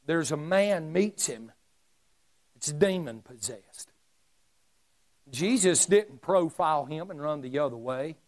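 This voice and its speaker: A high-pitched man preaching with fervor. He calls out to his congregation, rising and falling as he drives each point home. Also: expressive, slow, pauses often. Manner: fervent preaching with call-and-response asides. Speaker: pastor. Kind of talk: sermon.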